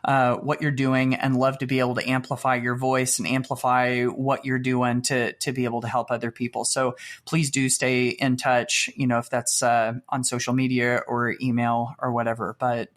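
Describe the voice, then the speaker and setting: Relaxed male podcast co-host. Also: mid-range voice, normal speed, hardly any pauses. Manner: relaxed, many fillers and restarts. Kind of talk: casual podcast chat.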